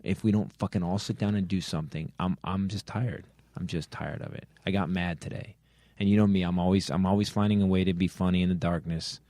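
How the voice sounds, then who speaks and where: Middle-aged male comedy podcast host, very low pitched, profane earnest ranter, dry studio sound. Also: steady tone, brisk, warm tone, dry recording. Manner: swears heavily, earnest angry rant with restarts. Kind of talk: comedy podcast chat and rant.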